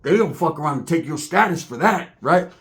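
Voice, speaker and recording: A man spinning a long, profane yarn, lively and crude, sliding into voices for the people in his tale. His voice sits a little higher than most men's. He is from California. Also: fairly quick. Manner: animated, crude, acts out other people's voices. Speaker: former prisoner telling a story. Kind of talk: profane storytelling monologue.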